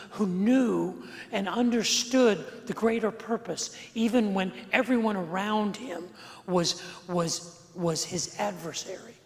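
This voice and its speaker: A male pastor preaching an earnest sermon, slowing and swelling on key phrases and repeating words for emphasis. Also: high-pitched, gravelly. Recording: long church reverb.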